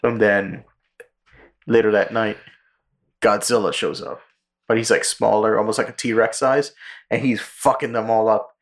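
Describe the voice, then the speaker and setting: A man co-hosting a podcast, casually retelling a movie plot with lots of swearing and quick character voices. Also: lowish voice. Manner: profane, animated storytelling with quick character impressions. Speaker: podcast co-host.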